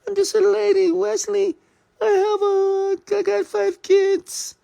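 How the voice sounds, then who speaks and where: A man's voice: completely flat delivery, slow, vocal fry, dark tone, no echo, exaggerated voice. A man putting on a whiny tearful woman. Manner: high, pleading, tearful. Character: whiny complaining woman, single mother.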